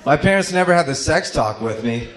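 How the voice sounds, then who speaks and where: A male stand-up comedian on a club stage, delivering deadpan one-liners with small dry asides. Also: fairly high pitch, a little fast. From Austin, Texas. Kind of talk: stand-up set. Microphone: handheld stage mic. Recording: echoey club with crowd laughter.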